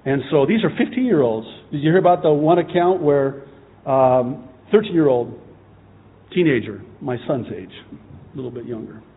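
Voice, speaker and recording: A middle-aged man preaching a sermon as pastor, impassioned and at times rising to shouting. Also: mid-range voice, animated, moderate pace, slightly rough. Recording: tinny phone-like sound.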